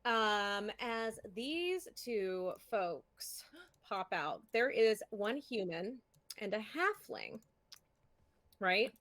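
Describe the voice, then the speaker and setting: A woman's voice: mid-range voice, animated, drawn-out words, a bit bright. A woman narrating as dungeon master in a casual, laid-back way, with fillers. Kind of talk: narrating a tabletop game.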